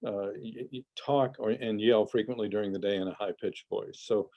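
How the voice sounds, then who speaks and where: An older man, a parenting expert, giving measured advice in an interview with frequent restarts and fillers. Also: fairly low pitch, steady tone, dull audio.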